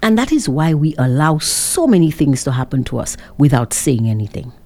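Her voice sits low and a little mellow, yet she's very animated at a moderate pace. A woman from Saint Lucia with a Saint Lucian accent, she's a social commentator firing sarcastic rhetorical questions at her listeners in an opinionated monologue.

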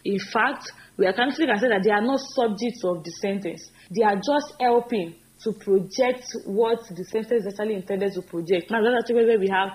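A woman teaching an English grammar lesson, her voice sitting somewhat high. She talks in an earnest, encouraging way and drills each example sentence slowly and deliberately. A faint background noise runs under the recording. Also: poor audio.

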